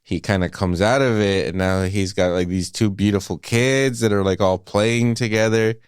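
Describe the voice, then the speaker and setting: A man with a deep, smooth voice recaps a film for a podcast in a loose, profane way. He jumps into acted-out quotes as he goes. The recording is dry and close. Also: steady tone, normal speed, dry recording. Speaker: podcast co-host. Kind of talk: casual movie-review chat.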